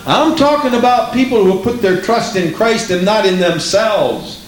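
A man's voice: sits high, echoey room, rough recording. A man preaching a sermon in an emphatic way, repeating lines and asking the congregation questions.

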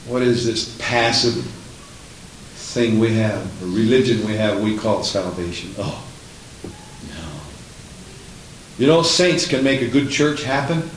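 An older man preaching an impassioned sermon in a church, swinging between booming and hushed. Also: animated, takes it slowly, pauses often. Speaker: pastor. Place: church sanctuary. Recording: echoey church with faint hiss.

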